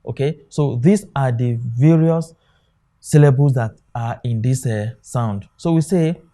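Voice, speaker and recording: A man's voice: medium pitch, unhurried, warm tone. A man teaching an exam-prep lesson, often asking a question and answering it himself. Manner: drilling, asks questions then answers them himself. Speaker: English tutor.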